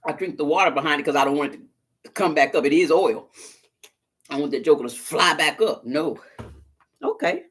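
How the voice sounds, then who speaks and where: A woman's voice: sits low, fairly quick, husky. A woman chatting casually to viewers on a live stream, telling stories in a folksy, talkative way. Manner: chatty storyteller, talks straight to viewers, folksy phrasing. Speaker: vlogger doing a live stream.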